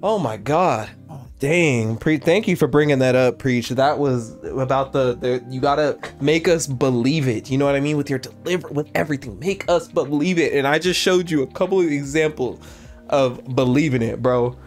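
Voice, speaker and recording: A young man hosting a reaction video, talking in an excitable, exclaiming way and breaking off mid-sentence. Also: medium pitch, moderate pace, faint music behind. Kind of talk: animated casual commentary.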